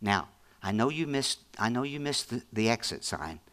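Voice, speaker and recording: A preacher voicing a soft, patient God. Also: male voice, expressive, normal speed, natural voice. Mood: reassuring. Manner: soft, low, soothing. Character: gentle, patient, reassuring God.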